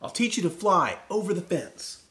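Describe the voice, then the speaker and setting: A man's voice: high voice, very animated, normal speed, pushed and bright, pitched above the performer's own voice, exaggerated voice. A man voicing a kind, clever female hen hairdresser in a read-aloud picture book. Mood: urgent.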